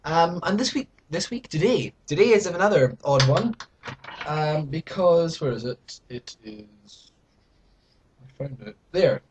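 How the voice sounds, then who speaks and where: A man's voice: a little high, animated, measured pace, noisy background. A young British man talking to camera at home in a rambling, self-mocking, mock-dramatic way. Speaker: vlogger. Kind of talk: casual chat to camera.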